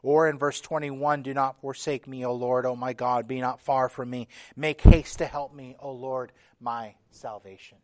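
A man with a medium-pitched voice preaches a sermon as a pastor, speaking at normal speed with flat delivery and few pauses. Earnest and emphatic, he reads scripture aloud with feeling, building emphasis through repeated phrases.

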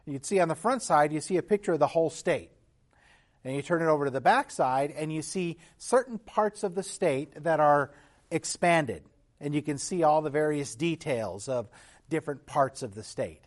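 A man preaching a sermon in an earnest, teaching tone. His voice sits a little higher than most men's, and he sometimes restarts a phrase or clears his throat as he goes. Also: expressive, moderate pace. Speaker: pastor.

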